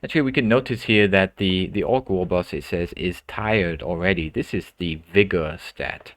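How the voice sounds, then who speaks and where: A deep-voiced man narrates a strategy game for beginners. He explains each move in a calm, thinking-aloud way, often repeating a word before going on. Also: normal speed, no echo. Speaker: gaming tutorial host. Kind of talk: gameplay commentary.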